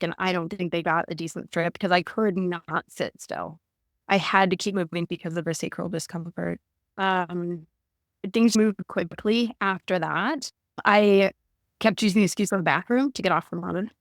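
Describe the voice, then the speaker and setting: A woman in her thirties telling a personal story in a conversational way, animated and acting out the lines of people in it. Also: mid-range voice, dry recording, studio quality. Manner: animated, acts out quoted dialogue. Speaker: guest recounting her birth.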